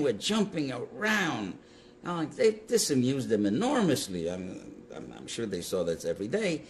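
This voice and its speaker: An older man telling his story in an interview, animated and halting, with restarts mid-sentence. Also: mid-range voice, slight background noise. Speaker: Holocaust survivor giving testimony. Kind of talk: interview testimony.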